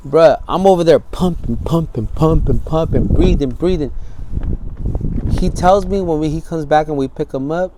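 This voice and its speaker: Against a noisy background, a Bay Area man speaks candidly for a documentary at normal speed in a voice on the high side. He brings his story to life by acting out the scenes, cursing freely throughout.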